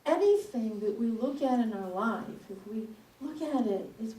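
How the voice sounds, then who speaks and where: A woman delivers a sermon through a lively personal anecdote, chatty and expressive. Her voice sits a touch high. She sounds set back from the mic, with the room's echo around her. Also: normal speed, few pauses. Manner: storytelling, animated and conversational. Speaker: speaker at a spiritual center. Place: church hall. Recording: echoey room, mic at a distance.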